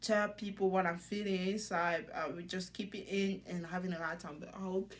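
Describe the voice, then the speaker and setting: A woman's voice: on the low side, steady tone, moderate pace. A young woman casually recapping a reality show, chatty, laughing often and acting out what people said. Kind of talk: casual commentary.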